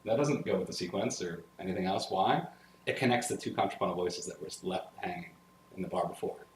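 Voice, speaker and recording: A deep-voiced man speaks fairly quickly while lecturing a class on music theory. Using solfege syllables, he takes passages apart step by step and checks in eagerly with listeners, full of energy and enthusiasm for the music. The recording sounds roomy and echoey, with a piano playing clearly in the background.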